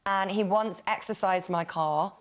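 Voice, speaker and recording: A woman on a comedy panel show, reasoning in a quick, offhand way. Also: medium pitch, noisy background. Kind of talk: casual panel chat.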